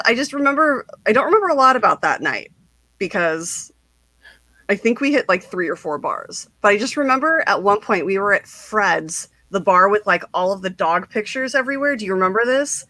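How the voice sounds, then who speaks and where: A woman's voice: medium pitch, very animated, moderate pace, pushed and bright, no echo. A woman hosting a casual livestream interview, telling stories in a bubbly, giggly way with lots of "like". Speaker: host.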